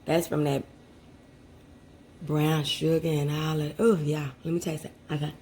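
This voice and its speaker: A woman hosts a casual cooking vlog from her home kitchen, chatting warmly and openly with her viewers. Her voice sits a little low and sounds mellow and dark. A faint hum of noise sits under the recording. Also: little pitch movement, a little slow. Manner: chatty and heartfelt, addresses viewers directly. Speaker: cooking channel host.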